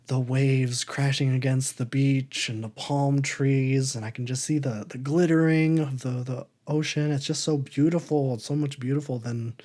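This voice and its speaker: A man's voice: mid-range voice, fairly even intonation, normal speed, hardly any pauses, darkish tone, close to an everyday voice. A man voicing a dreamy young nurse, gushing and wistful, close to his own voice.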